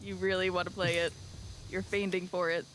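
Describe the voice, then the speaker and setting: A man's voice: high-pitched, flat delivery, normal speed, fairly bright tone, a little hiss or hum. A man joining a gaming stream as a guest, teasing the host and laughing along. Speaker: guest co-player. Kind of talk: casual gaming-stream chat.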